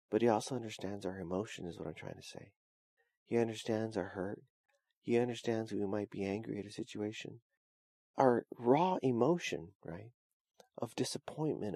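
A man's voice: mid-range voice, gravelly, warm tone, no echo, studio quality. A man preaching a sermon, telling a story in a conversational way with frequent restarts and fillers. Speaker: pastor.

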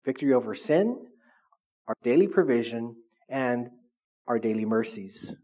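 Casual pastor, mid-pitched man, chatty sermon delivery, dull lo-fi recording. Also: expressive, measured pace, dark tone. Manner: conversational, frequent "right?" tags.

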